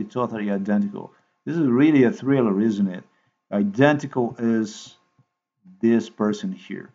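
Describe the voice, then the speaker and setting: A man with a lowish voice tells a meandering story, circling back on the same points and cursing often. The sound is dull and lo-fi, with muffled top end. His delivery is loose and excitable. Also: gravelly. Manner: repetitive, profane, excitable storytelling. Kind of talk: rambling casual monologue. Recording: dull lo-fi recording.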